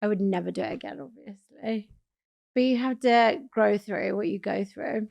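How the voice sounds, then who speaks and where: A young woman from England, guest on a talk show, telling stories in animated casual chat and swearing freely. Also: medium pitch, normal speed, vocal fry, muffled recording.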